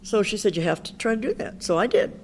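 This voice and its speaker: A woman's voice: medium pitch, fast talker, a little hiss or hum. An older woman speaking at an Al-Anon meeting, telling her story candidly and chattily, often quoting what others said to her. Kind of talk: personal recovery talk.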